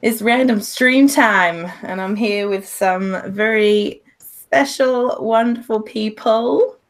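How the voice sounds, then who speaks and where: A young woman hosting a casual live stream while semi-sick, her voice hoarse, laughing often as she talks. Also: on the high side, slow. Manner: giggly, laughs often between words. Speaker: streamer host.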